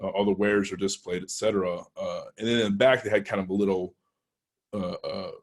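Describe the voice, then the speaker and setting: A penetration tester with a Texan accent tells a story to a club as a guest speaker. His low, level voice runs a little fast, and his anecdotal delivery rambles, full of hesitations and restarts.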